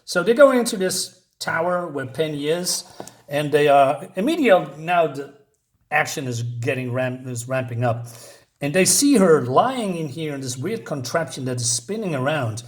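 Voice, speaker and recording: A man with a slightly higher voice talks his way through a comic book issue in a loose, casual manner. He stumbles and restarts often and reads the characters' lines in a flat voice. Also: moderate pace. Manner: loose and rambling, many fillers and restarts. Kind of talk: casual review, retelling a comic.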